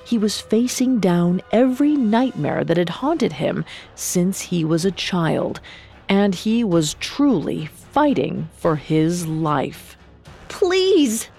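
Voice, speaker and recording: A woman reading a storybook aloud as narrator in a measured, dramatic way. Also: on the low side, gravelly, mellow, breathy edge.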